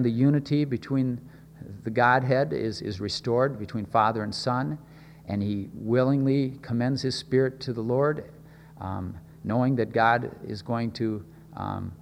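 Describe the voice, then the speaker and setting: A man delivers a sermon in an earnest, halting way, often doubling words and stopping on fillers. His voice sits at an ordinary middle pitch. A long reverb trails after him, as in a large hall. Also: a little hiss or hum. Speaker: pastor.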